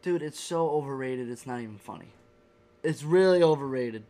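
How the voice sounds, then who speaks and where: A man's voice: mid-range voice, lively intonation, normal speed, mellow. A young man from Connecticut co-hosting a casual chat, blunt and joking and swearing freely. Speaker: podcast co-host.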